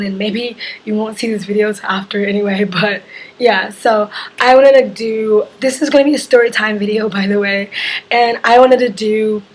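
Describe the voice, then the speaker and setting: Hoarse young woman vlogger in casual story-time mode, husky and chatty, mid-pitched. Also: slight background noise, low-quality recording. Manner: chatty, rambling, lots of "like" fillers. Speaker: travel vlogger.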